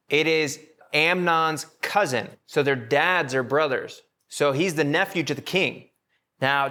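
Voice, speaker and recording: A man's voice: fairly high pitch, a bit bright. Casual man teaching a Bible study. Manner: conversational, acts out characters' lines in casual slang. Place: room with a live group.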